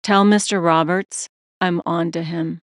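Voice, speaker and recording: A woman narrator voicing a mysterious older man on the phone, speaking in a deep, gravelly, ominous way. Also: fairly even intonation, no echo, clean studio sound, natural voice. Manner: slow, ominous, controlled. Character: mysterious older male phone caller, menacing.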